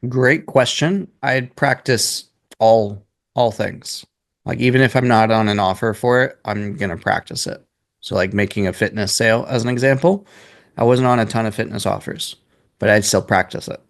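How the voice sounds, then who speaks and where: Man, 20s, sales coach, casual, blunt, swears, low-pitched. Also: moderate pace, vocal fry. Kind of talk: live coaching class.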